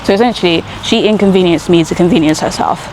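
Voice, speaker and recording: A young woman talks through a long, animated story as she walks outside, tired from having little sleep. Her voice sits a little low, and faint traffic hums in the background. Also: quick pace. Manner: chatty, rambling, animated retelling. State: sleep-deprived new mother. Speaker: vlogger. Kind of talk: casual storytelling vlog while walking. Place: outdoors on a street walk.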